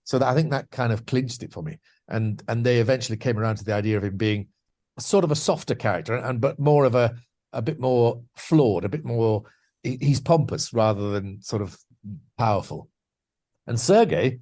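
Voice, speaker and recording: Man, from the Scottish Borders, voice actor guest, lively anecdotes, mid-range voice, casual interview. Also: medium pitch, moderate pace. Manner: lively anecdotes, slips into voices and animal noises.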